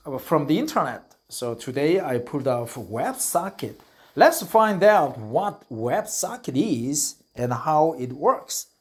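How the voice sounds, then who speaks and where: A middle-aged man from South Korea with a Korean accent, speaking English as a second language in a casual, hesitant monologue full of filler pauses. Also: a little high, darkish tone. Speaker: vlogger.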